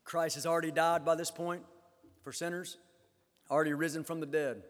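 A man preaching a sermon, rising loud when quoting scripture and dropping low for his own comments. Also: flat delivery, a little fast. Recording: long hall reverb.

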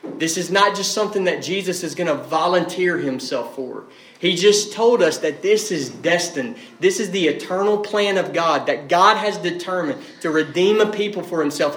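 A man preaching an expository sermon as pastor, emphatic and repeating key phrases for weight. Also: a little high. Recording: echoey room.

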